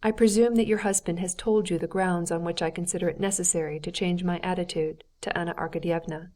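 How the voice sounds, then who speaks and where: A woman voicing a cold, formal nobleman in an audiobook, measured and restrained in delivery. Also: on the low side, steady tone, darkish tone, natural voice. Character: cold, stiff, wounded older nobleman. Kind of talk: audiobook character reading.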